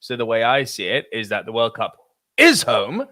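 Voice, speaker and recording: A man's voice: mid-range voice, huge pitch swings, moderate pace, bright, forceful tone, no echo. A man from France co-hosts a casual podcast, reading out listener messages and reacting with easy laughs and loose swearing. His voice sits mid-range, recorded close and dry. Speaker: podcast co-host.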